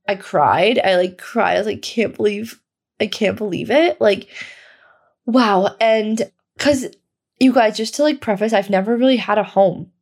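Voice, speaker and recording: Brief: young woman, podcast host, chatty storyteller, excitable, peppered with "like" and swears. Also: mid-range voice. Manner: excitable, filler-heavy, swears freely. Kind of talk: casual storytelling monologue.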